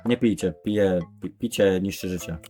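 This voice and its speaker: A man's voice: low voice, normal speed, warm tone. A young man with a Polish accent, a Polish native speaker, casually commentating a game and swearing, with music under him. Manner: casual, swearing, reads dialogue aloud. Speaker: gamer. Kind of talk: let's play commentary.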